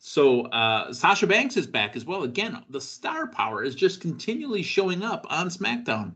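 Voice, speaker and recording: A man's voice: a little high, sing-song, moderate pace, sharp tone, husky. A man hosting a wrestling podcast, talking casually and joking with his co-host. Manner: chatty, joking, with fillers.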